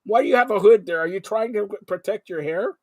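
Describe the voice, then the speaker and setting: A male host on a live sports talk show, excitable and jumping between topics with loud outbursts. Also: high-pitched, a little fast, no room sound, clean studio sound.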